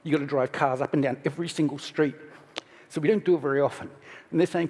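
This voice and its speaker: A man's voice: on the high side, expressive, brisk, slightly rough. Man speaking in a reverberant hall. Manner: casual and candid, self-interrupting, emotional at moments. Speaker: conference speaker. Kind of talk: conference talk. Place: large conference hall.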